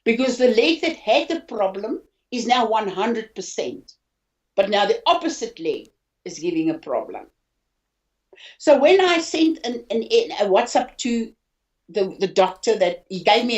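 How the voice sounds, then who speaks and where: An older woman from South Africa recounts her hospital experiences with raw emotion, stumbling and repeating herself as she talks. Her pitch sits mid-range for a woman. The audio is dull and lo-fi. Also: very animated. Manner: halting, repeats words, voice rising when upset. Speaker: interviewee, hospital patient. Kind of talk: emotional personal account.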